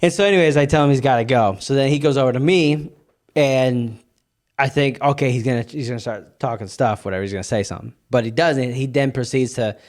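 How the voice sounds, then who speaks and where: A young man co-hosting a podcast, telling a story in casual chat with lively asides and frequent restarts. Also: medium pitch, quick pace. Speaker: podcast co-host.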